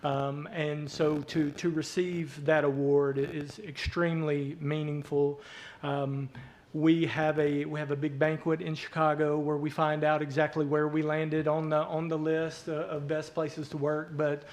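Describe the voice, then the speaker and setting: A man with an Arkansas twang addresses a council meeting as a hospital CEO. His voice sits a little high and stays flat, and he keeps stopping to repeat words and fill gaps. He sounds to be in his forties. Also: rough recording. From southeast Arkansas. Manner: halting, many fillers and repeated words. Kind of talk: public remarks at a council meeting.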